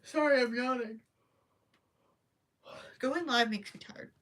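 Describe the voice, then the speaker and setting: A young woman chats casually through a crochet livestream, thinking aloud, apologizing and giggling as she works. Her voice sits a little high and rings bright. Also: takes it slowly.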